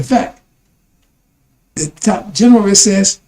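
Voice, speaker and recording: A man's voice: high voice, animated, unhurried, long pauses, a little mellow, poor audio. A man preaching in a rambling, emphatic sermon, repeating words and addressing his listeners as brothers and sisters. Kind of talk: sermon broadcast commentary.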